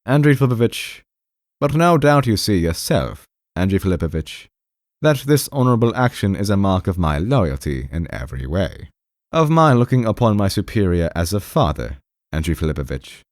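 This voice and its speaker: This is an audiobook reader performing a timid, anxious clerk whose pleading voice trembles as he keeps repeating a man's name. The man's mid-range voice is sing-song and a little mellow at normal speed, pitched above his natural register yet close to how he normally talks. The studio recording is clean with no room sound.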